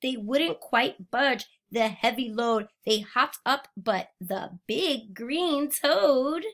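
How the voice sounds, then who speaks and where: A woman's voice: fairly high pitch, lively intonation, slow pace, fairly bright tone. A woman teacher reading a picture book aloud to young children and prompting them to join in.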